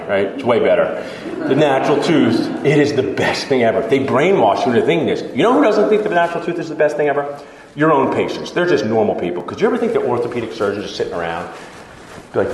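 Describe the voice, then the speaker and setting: Speaking fast and very animatedly in a mid-range voice, a dentist delivers a casual, joke-filled conference talk to dental students and acts out patient conversations. The setting is a large lecture hall, and the sound is echoey with a long reverb tail.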